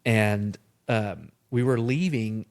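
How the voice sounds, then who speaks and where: A man, a podcast guest chatting casually and telling lively stories. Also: fairly low pitch, takes it slowly. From Texas. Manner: animated storyteller. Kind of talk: casual chat.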